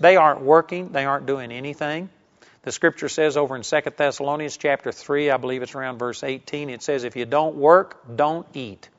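A man's voice: fairly high pitch, lo-fi sound. A man preaching a sermon for radio with an emphatic, repetitive cadence.

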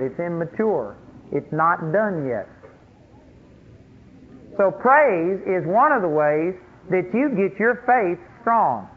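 A man preaching a sermon as pastor, emphatic and quick to act out the voices of complainers. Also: high-pitched. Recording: tinny phone-like radio broadcast, faint noise.

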